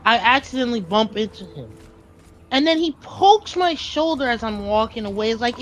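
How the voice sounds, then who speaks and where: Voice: medium pitch, sing-song, normal speed, a bit bright, rough recording. A speaker, co-hosting a stream and telling stories about commuter annoyances in casual chat. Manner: chatty storyteller, complaining.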